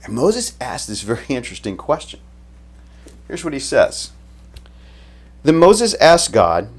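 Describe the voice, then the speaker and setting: A man preaching a sermon in a relaxed, conversational way, retelling the story casually and often restarting his sentences. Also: mid-range voice, unhurried, pauses often, breathy edge. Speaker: pastor.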